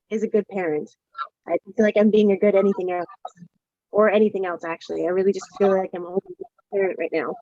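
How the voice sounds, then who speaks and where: A woman's voice: medium pitch, darkish tone, no room sound, dull audio. A woman on a video call talking frankly about parenting, swearing freely and acting out what people said. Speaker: client in a coaching session. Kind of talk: candid casual talk.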